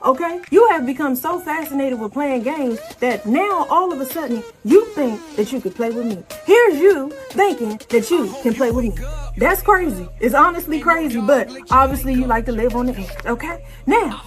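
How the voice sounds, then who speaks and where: A woman's voice: sits high, animated, normal speed, faint music behind. A woman hosting a live stream, giving a sassy, taunting monologue in a sing-song way and often tagging lines with "okay?".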